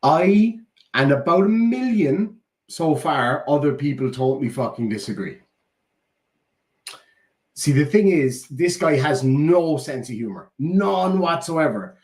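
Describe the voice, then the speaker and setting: A man's voice: a little high, lively intonation, measured pace. A man in his thirties, a YouTuber sarcastically rebutting a critic in a casual rant. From Ireland. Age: 30s.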